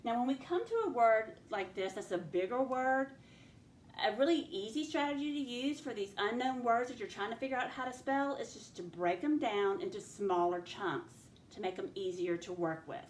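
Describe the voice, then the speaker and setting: A woman leads a spelling dictation lesson, sounding out every letter and syllable with slow, patient care. Her voice carries a noticeable room echo, with a faint hum of background noise behind it. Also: fairly high pitch. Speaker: teacher.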